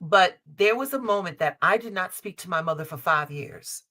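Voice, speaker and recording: Emphatic, bright-voiced woman host doling out advice. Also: fairly low pitch, lively intonation, normal speed. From Chicago. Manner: emphatic, repeats lines, calls listeners baby and honey, salty language. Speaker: tarot reader and show host. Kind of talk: live-stream advice reading. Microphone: streaming call setup.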